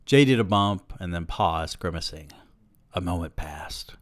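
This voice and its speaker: A man's voice: sits low, expressive, measured pace, no echo. A man reading a novel aloud on a podcast, with dry, profane, sardonic asides.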